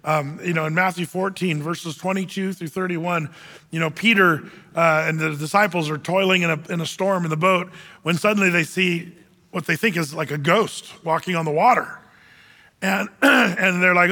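Animated man preaching in an echoing hall. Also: high voice. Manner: animated, acts out quoted voices. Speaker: men's group speaker. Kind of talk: sermon. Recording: reverberant hall.

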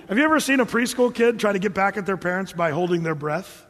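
A man's voice: high voice, expressive, fast talker, fairly bright tone, in a large hall. A man preaching a sermon, telling the story with humor and acting out the characters. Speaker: pastor.

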